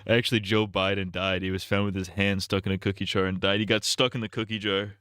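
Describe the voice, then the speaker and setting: A man's voice: deep voice, little pitch movement, fast, a bit bright, clean tone, dry recording, studio quality. A man hosting a casual live stream over gameplay. He rambles, jokes and laughs a lot, and swears freely. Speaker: streamer, host.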